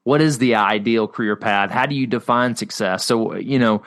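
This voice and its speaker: A man hosts a podcast interview in a lowish, fairly bright voice at a moderate pace. His questions run long and stumbling, full of "you know"s, and he keeps encouraging his guest.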